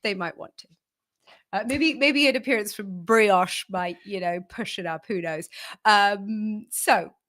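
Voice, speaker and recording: A woman's voice: mid-range voice, measured pace, a bit bright. A woman co-hosting a live stream, speaking in an earnest, chatty way with some teasing. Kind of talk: casual live-stream chat.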